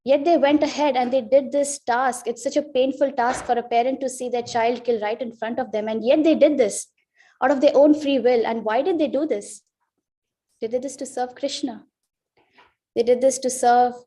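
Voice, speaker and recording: A woman's voice: fairly high pitch, steady tone, moderate pace, warm tone. A woman giving a devotional scripture class in a temple, telling a sacred story with heartfelt, emotional quoted voices. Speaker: class speaker.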